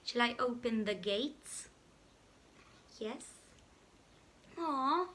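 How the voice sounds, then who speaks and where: This children's storyteller from Malta talks right to her young audience as she reads a picture book, full of animation and play. Her voice is on the high side and very slow.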